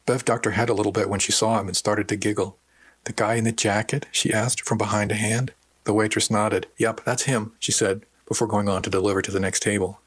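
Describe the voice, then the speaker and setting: A man's voice: on the low side, flat delivery, quick pace, husky. A man narrating a story in the first person with dry, wry storytelling. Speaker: audiobook narrator. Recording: dry close recording.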